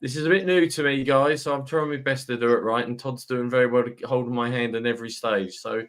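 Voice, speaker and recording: A man's voice: medium pitch, steady tone, fairly quick, a bit bright. A man with a mixed British and Irish accent, hosting a live-stream chat and reading out viewer comments. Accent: British-Irish mix. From Britain. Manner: chatty, reads out viewer comments. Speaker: host.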